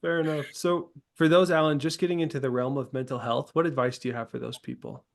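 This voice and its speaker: A man's voice: mid-range voice, steady tone, quick pace, vocal fry. A man hosting a podcast interview, laughing along and talking to the audience directly. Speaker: podcast host. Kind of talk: casual interview.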